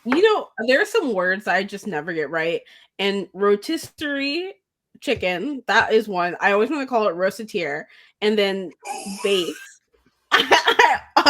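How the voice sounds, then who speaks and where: A woman's voice: fairly high pitch, animated, normal speed, a bit bright. A woman co-hosting a podcast in casual chat, rambling and giggling and tripping over words. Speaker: podcast co-host.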